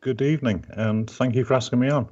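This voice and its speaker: A man's voice: mid-range voice, fairly even intonation, fast talker, a little mellow. A man in his fifties from Liverpool with a Liverpool accent, a guest chatting casually on a live stream, rambling and often restarting his sentences. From Liverpool, England. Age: 50s. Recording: dull lo-fi call audio.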